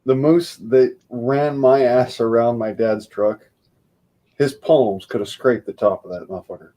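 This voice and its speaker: A man's voice: medium pitch, measured pace, warm tone. A man chatting casually, blunt and profane. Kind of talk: casual chat.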